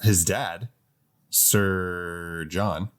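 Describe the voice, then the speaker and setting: A man's voice: sits low, steady tone, drawn-out words, faint music behind. A man co-hosting a podcast, loosely recapping a film plot in casual chat with fillers. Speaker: podcast co-host.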